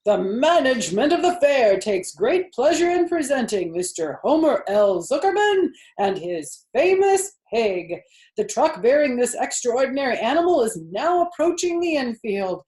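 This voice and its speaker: A woman reading a story aloud and voicing a pompous fair loudspeaker announcer, slow and formal. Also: sits high, big pitch swings, pitched above the performer's own voice. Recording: roomy echo.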